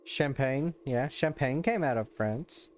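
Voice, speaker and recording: Joking male game streamer, mid pitch. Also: expressive, a little slow. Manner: joking, laughs often, stammers and restarts. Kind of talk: casual live-stream chat.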